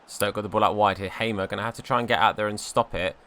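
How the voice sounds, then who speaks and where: A man's voice: lowish voice, steady tone, quick pace, a bit bright. A young man giving chatty, playful commentary over a football video game, with mock outrage and banter. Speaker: gaming YouTuber.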